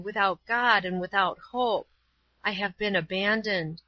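A woman reading as a frail dying old woman who speaks weakly and slowly, her voice a little raised and bright in tone. The sound is dry and slightly dull, like a lo-fi storybook recording. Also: medium pitch, dry recording.

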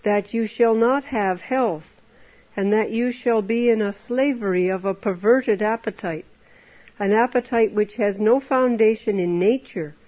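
A woman's voice: mid-range voice, unhurried. A woman preaching an earnest temperance sermon, exhorting her listeners with many rhetorical questions. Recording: dull lo-fi recording.

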